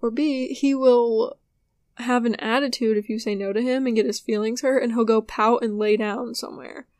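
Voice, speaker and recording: Casting: young female podcast host, sleepy and rambling, slightly high voice, dry close sound. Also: fairly even intonation, normal speed, a little mellow, dry recording. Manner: chatty, rambling, yawning and apologizing. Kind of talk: casual solo podcast chat.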